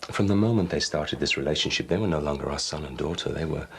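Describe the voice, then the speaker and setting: A stern, resigned father with a very deep, gravelly voice. He talks bluntly, over faint background noise. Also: quick pace.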